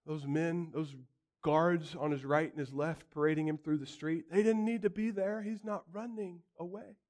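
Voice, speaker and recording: A man preaching a sermon, acting out quotes dramatically and swinging from loud outbursts to hushed lines. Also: on the high side, steady tone, normal speed.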